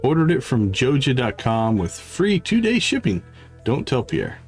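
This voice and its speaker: A man's voice: medium pitch, wildly swooping pitch, unhurried. A man reading aloud the lines of a weary middle-aged woman who drinks too much and feels something is missing, in his own plain voice. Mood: wistful. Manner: reads game dialogue aloud in a plain voice. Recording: faint game music behind.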